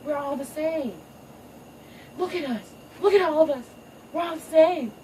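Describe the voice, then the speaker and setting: A woman voicing a young lioness princess who pleads in a high, sassy, insistent way. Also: a little fast, darkish tone, natural voice. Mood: pleading. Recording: distant mic, noisy ambience.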